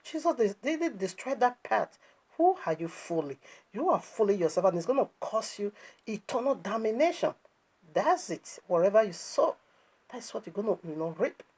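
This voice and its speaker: A woman's voice: mid-range voice, sing-song, moderate pace, darkish tone, breathy edge. A woman preaching, emphatic and scornful, asking rhetorical questions as she critiques a video. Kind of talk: sermon commentary on a video.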